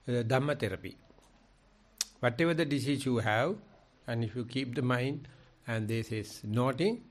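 A man acting as a meditation teacher joins a dharma discussion, speaking in an animated, emphatic storytelling way. His pitch and loudness swing widely.

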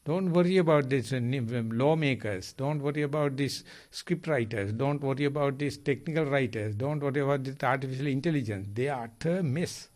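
A man, a Buddhist monk giving a dharma talk in halting English, with restarts and repeated words. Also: medium pitch. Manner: lively, halting non-native English with repeats.

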